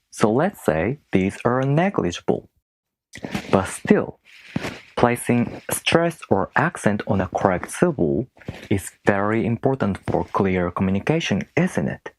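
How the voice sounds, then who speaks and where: A man whose first language is not English, teaching in a video lesson with rhetorical questions and slow, careful demonstrations of word stress. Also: fairly low pitch, big pitch swings, slight background noise. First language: non-English speaker.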